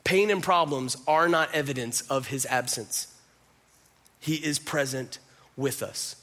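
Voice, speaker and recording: A man pastor preaching a sermon, earnest and emphatic, who slows to soft, quiet lines at the close. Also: mid-range voice.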